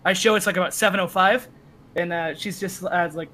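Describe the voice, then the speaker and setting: A Canadian man telling stories as a podcast guest, animated, swearing freely and acting out the people he quotes. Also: high voice, fairly quick. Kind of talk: casual storytelling.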